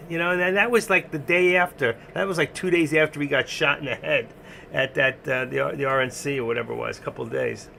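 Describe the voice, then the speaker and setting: A man with a New York accent hosts a casual live stream. His gravelly voice carries over a faint hiss of background noise. He talks bluntly, rambles and laughs often. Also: medium pitch, pushed and bright.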